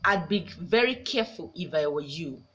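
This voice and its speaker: A woman teacher from Nigeria giving a recorded grammar lesson, slowly repeating each example sentence. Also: on the low side, expressive, a bit bright, dull audio, slight background noise.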